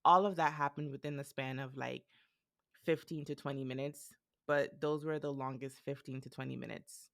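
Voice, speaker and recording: A young adult woman hosting a podcast, telling a personal story in a casual, animated way and acting out the dialogue. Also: rumbling low, normal speed, creaky, dry recording, studio quality. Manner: animated, retells events with quoted dialogue. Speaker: podcast host.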